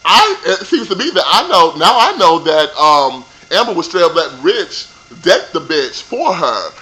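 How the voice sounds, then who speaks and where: Sharp-toned and very animated, a young man with a slightly high voice speaks at normal speed over a rough recording. As a vlogger reviewing a reality show, he casually rants about the reunion in a sassy, profane way.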